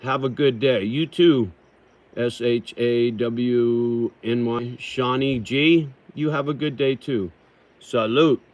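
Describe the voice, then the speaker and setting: A middle-aged man at a mid pitch, chatting casually on a livestream. He reads viewer comments out slowly and answers them plainly. His talk is rough, with frequent swearing, and he calls his viewers brother. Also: steady tone. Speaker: livestream host reading chat.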